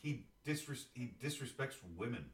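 A man's voice: mid-range voice, lively intonation, measured pace, distant mic. A man guesting on a casual chat, making dry, brief wry remarks. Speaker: podcast guest. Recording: roomy echo, off-mic.

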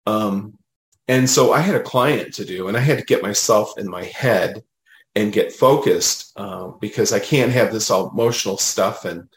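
Low-voiced man telling a story. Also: moderate pace, roomy sound, rough recording. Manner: animated, retells dialogue, many fillers. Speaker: medium, podcast guest. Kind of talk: casual storytelling.

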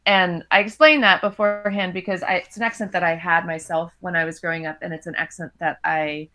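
Chatty American woman author. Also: fairly low pitch. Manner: animated, chatty, then measured reading. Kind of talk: interview and reading aloud.

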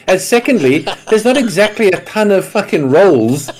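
A man's voice: sits high, expressive, normal speed, hardly any pauses, a little mellow. A man co-hosting a casual podcast chat, rambling and swearing freely as he rants. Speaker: podcast co-host.

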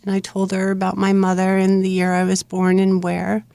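A middle-aged woman tells her own story as a guest in an interview. Her voice has a gravelly, fry-edged texture and stays in a narrow, even band of pitch. She speaks in an earnest, plain way, recorded close and dry. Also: normal speed, dry recording. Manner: earnest, plain-spoken, steady narration. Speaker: memoir author guest.

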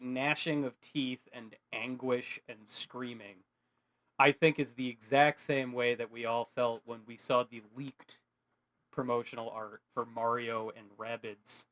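Rambling, animated man chatting casually. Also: medium pitch, measured pace. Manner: rambling, animated, heavy use of filler words. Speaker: podcast co-host. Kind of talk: casual chat.

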